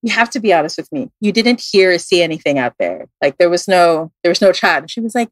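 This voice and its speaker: A woman's voice: fast, hardly any pauses, no echo. A woman with a Filipino accent, a tarot reader guest on a podcast, telling a story casually with lots of fillers and restarts, and acting out the voices she quotes. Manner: animated, acts out quoted voices with big jumps in pitch.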